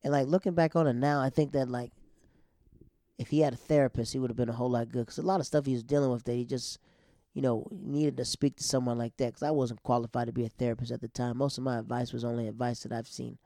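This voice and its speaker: A man in his thirties with a mellow, warm voice tells a personal story in a casual, rambling way. His words are loose and full of slang fillers. He drops almost to a whisper when quoting people, and the sound is dry and close. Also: medium pitch, fairly even intonation, quick pace, dry recording.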